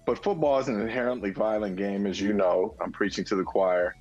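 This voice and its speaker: A man's voice: fairly low pitch, a little fast, a little mellow, breathy edge, highs cut off, soft background music. A man co-hosting a casual sports talk show, arguing his points emphatically, almost like preaching. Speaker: co-host.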